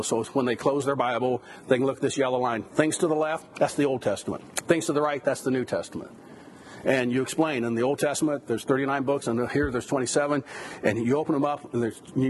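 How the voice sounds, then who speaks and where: A man's voice: medium pitch, a little hiss or hum. A man giving a conversational lecture on biblical counseling, with rhetorical questions and asides. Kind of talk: classroom lecture.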